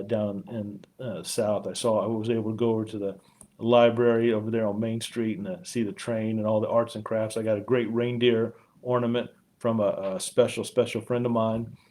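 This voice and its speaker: A man, a police chief, talking warmly and haltingly on a live community stream, choked up at times and full of fillers. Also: lowish voice. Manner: heartfelt, rambling, frequent fillers. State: choked up with emotion.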